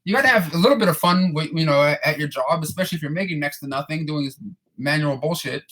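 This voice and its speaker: A man in his thirties chats casually while answering viewer questions, and his voice sits on the high side with a sharp tone. He talks fast, rambles, swears, and often repeats or restarts his words.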